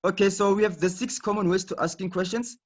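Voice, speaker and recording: A man's voice: high voice, steady tone, fast. Patient male teacher. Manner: patient, repetitive explaining with frequent "okay". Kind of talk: live online English lesson. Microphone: video call. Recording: dull lo-fi online audio.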